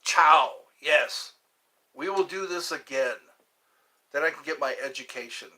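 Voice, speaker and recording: A man's voice: a little high, measured pace, pushed and bright. A man hosting a live stream, chatting in a rambling, playful way with viewers and saying he is a little tired. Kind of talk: casual live-stream chat.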